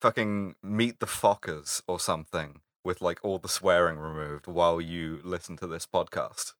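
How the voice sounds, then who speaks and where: A man's voice: low-pitched, moderate pace, dry recording, studio quality. A man co-hosting a casual podcast, rambling and riffing, swearing freely. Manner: rambling, lively, swears, laughs a lot. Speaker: podcast co-host.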